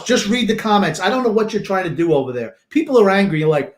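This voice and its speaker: A man co-hosting a sports podcast, gruff and sarcastic in casual chat. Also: high-pitched, big pitch swings, fast, hardly any pauses, reverberant. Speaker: podcast co-host.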